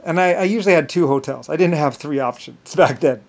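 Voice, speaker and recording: Man, boastful, rambling monologue, halting restarts, slightly high voice. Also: creaky. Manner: halting, many restarts and fillers; boastful, grandiose.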